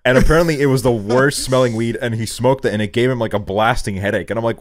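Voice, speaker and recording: A man's voice: medium pitch, quick pace, dry recording, clean studio sound. A young man hosting a podcast, chatting loosely with lots of swearing and playful self-quotes. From Estonia. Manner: loose and profane, animated when quoting himself. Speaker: podcast host. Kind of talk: casual chat.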